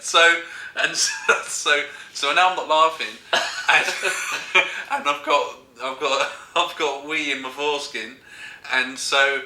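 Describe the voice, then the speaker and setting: Guy, comic storyteller, keeps cracking up, very bright voice, echoey room. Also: fairly high pitch, fairly even intonation, slow pace, hardly any pauses. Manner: giggly, keeps breaking into laughter.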